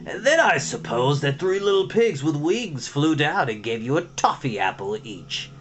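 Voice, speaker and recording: A man's voice: mid-range voice, animated, fairly quick, bright, forceful tone. A man voicing a cunning, menacing male rat warlord who speaks with sarcasm and snarls his threats in a storybook reading. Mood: snarling.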